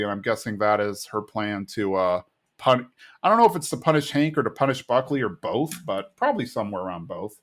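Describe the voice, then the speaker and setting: A man's voice: fairly low pitch, animated, brisk, fairly bright tone. A young man in casual podcast chat, retelling a cartoon episode and acting out the characters' lines. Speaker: podcast co-host recapping episodes.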